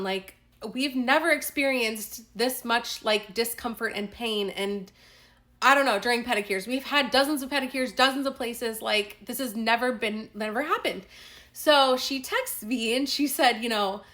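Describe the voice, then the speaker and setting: A woman vlogger telling a storytime vlog, animated and indignant, with lots of "like" and restarts. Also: fairly high pitch, normal speed. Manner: animated, indignant retelling with many fillers.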